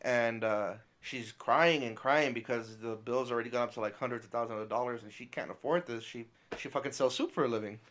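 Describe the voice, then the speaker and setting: A man's voice: medium pitch, a little fast, few pauses. A man retelling a story in casual podcast chat, swearing freely and getting emotional. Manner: animated, swears a lot, gets emotional. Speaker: podcast co-host.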